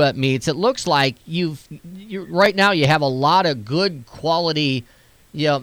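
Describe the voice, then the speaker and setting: Conversational radio sports host, dry sound. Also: male voice, medium pitch, a bit bright, no echo. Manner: conversational, leading questions with recaps. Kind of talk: radio interview.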